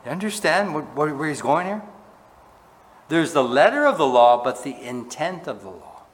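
A man preaching a sermon, asking his listeners questions and swinging between loud emphasis and quiet, low asides. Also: very animated, moderate pace. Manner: asks the congregation questions. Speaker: pastor. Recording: long hall reverb.

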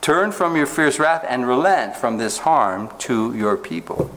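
A man preaching a sermon, reading scripture aloud slowly and stopping often to ask his listeners rhetorical questions. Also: mid-range voice, lively intonation, fairly bright tone. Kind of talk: sermon, Bible teaching.

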